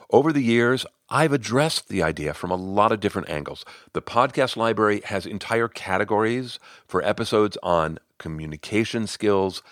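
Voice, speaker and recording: A middle-aged man hosting his own podcast and telling a story as a speaking coach. He is expressive, climbing high when excited and sinking to near-whispers. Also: no echo, clean studio sound. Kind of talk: solo podcast storytelling and advice.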